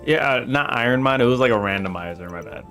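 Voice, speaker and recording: Man, game streamer, gravelly voice, casual joking commentary, mid pitch. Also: lively intonation, fast talker, a bit bright, soft background music. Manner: joking, laughs often, talks to his game characters.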